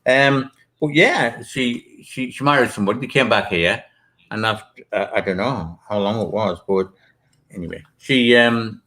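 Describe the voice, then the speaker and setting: A British man, an author appearing as a guest, tells rambling stories in casual interview style, full of ums and restarts. He speaks at normal speed in a lowish, sharp-toned voice with a British English accent.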